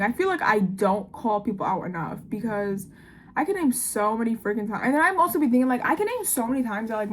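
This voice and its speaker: Fast-talking nineteen-year-old woman rambling. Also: on the high side, slight background noise. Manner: fast-talking, rambling, full of "like" and "I don't know". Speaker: vlogger. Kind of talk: casual confessional vlog.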